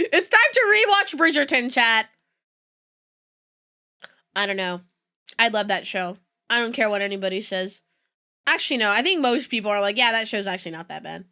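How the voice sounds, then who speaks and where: A woman's voice: medium pitch, moderate pace, pauses often, pushed and bright, clean tone. A young adult woman, a native Spanish speaker, chatting casually with her stream audience, rambling and giggling between asides. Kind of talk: casual reaction-stream chat.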